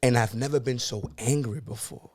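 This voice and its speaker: A man's voice: mid-range voice, normal speed, a little mellow. A young man hosting a podcast, talking about anger and healing in an intense, emotional way and often repeating himself. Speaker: podcast host. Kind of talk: emotional casual talk.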